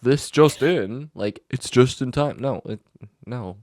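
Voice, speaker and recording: A man co-hosting a podcast in casual chat, playful and goofy, often trailing off softly. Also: mid-range voice, a little slow, dry recording, clean studio sound. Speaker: podcast co-host; teacher.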